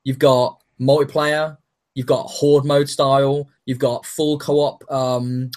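A man's voice: medium pitch, slow. A man in casual chat, reviewing a game with enthusiasm and frequent swearing. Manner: enthusiastic, swears freely, animated.

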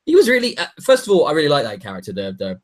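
A man's voice: on the high side, wildly swooping pitch, racing. A man co-hosting a casual chat, rambling and swearing, often repeating words as he gathers his thoughts.

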